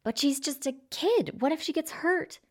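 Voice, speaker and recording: A man's voice: extremely high pitch, expressive, moderate pace, pitched above the performer's own voice. A woman doing a fretful young father, Tanner. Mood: worried. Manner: worried, pleading. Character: anxious prepper father, Tanner.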